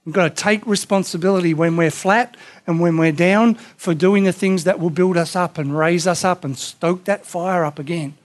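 A pastor delivers a sermon with a fairly high voice. His preaching is emphatic and impassioned, with lines that surge louder and others that drop to near quiet. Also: steady tone, moderate pace, few pauses. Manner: impassioned, emphatic preaching with sudden loud peaks and hushed drops.

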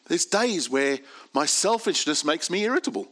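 A man preaching a sermon, reading scripture aloud and stressing key words in a deliberate way. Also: on the high side, lively intonation, a bit bright.

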